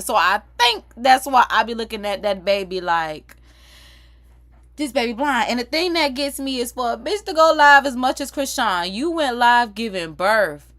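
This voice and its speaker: A woman in her 30s hosts a livestream of casual gossip, her voice on the high side and the recording rough. She's animated, swears, and laughs between stories.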